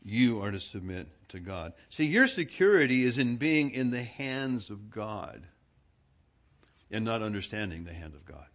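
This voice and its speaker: A middle-aged male pastor from Southern California, preaching a sermon in an animated storytelling manner, laughing as he tells it. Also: on the low side, measured pace. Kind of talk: sermon with personal anecdote.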